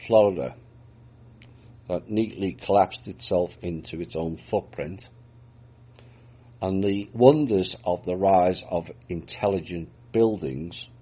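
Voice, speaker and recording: Low husky man reading news with sarcasm. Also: warm tone. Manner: dry, mocking remarks between read-out reports. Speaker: news commentator.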